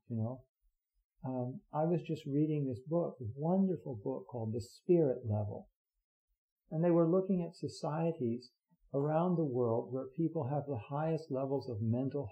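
A man's voice: a little high, highs cut off. A man giving a heartfelt, rambling Zen dharma talk, full of fillers and restarts. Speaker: Zen teacher.

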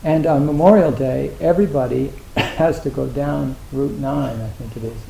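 A man's voice: medium pitch, moderate pace, vocal fry, mellow. A man giving a Zen dharma talk, rambling and self-deprecating, with lots of filler words. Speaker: Zen teacher. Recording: echoey hall with faint hiss.

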